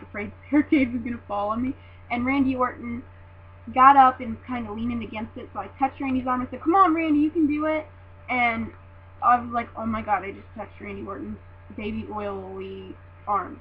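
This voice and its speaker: A bubbly young woman with a fairly high voice, talking in an excitable, gushing rush like a starstruck fan. The sound is thin and phone-like, with a faint hum running underneath. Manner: gushing, excitable, giggly fangirl. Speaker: wrestling fan recounting a live show. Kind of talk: casual vlog story.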